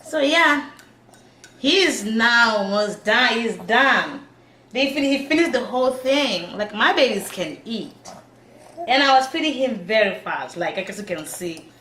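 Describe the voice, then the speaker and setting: A woman's voice: a little high, animated, unhurried, sharp tone. A woman, a mother of twins, chatting casually as she shows how she feeds her baby at home. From Africa. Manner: chatty, repeats "you see", laughs often. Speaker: mother of twin babies. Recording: roomy with faint noise.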